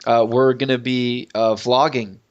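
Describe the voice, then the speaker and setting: A man's voice: medium pitch, level tone, measured pace, highs cut off. A man co-hosting a gaming podcast in casual chat, talking up things in eager detail. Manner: chatty, talks up food in eager detail. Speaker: podcast co-host.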